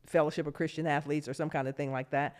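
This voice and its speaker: A woman in her fifties, a former pro basketball player, telling her story in a casual interview, animated and laughing often, acting out the voices of people she quotes. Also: sits low, very fast. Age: 50s.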